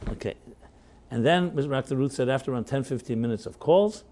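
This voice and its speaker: A male rabbi telling stories at a workshop, speaking in a relaxed conversational way. He often chuckles at his own anecdotes and drops in little "right?" checks to the room. He talks loosely, with plenty of "uh"s and restarts. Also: mid-range voice, fast. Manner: anecdotal, chuckling, filler-heavy; conversational, audience tag questions. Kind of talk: storytelling workshop talk.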